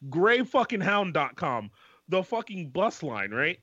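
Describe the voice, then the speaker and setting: A podcast co-host with a high voice tells a story at a measured pace in casual conversation, cursing freely and animatedly acting out the people he quotes. The recording is dry, with no room sound, and has a dull lo-fi quality.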